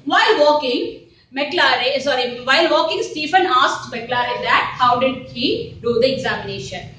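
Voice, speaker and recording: Woman teacher walking a class through a story, often asking if they understood; high voice, heard from across a roomy space. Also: bright, forceful tone. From India. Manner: repetitive, checks understanding. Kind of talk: explaining a story lesson. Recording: roomy sound from a distant mic.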